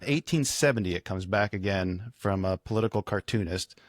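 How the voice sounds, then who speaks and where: A man's voice: fairly low pitch, moderate pace, dry recording, clean studio sound. A man co-hosting a history podcast, chatting casually and trading short agreements. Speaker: podcast co-host.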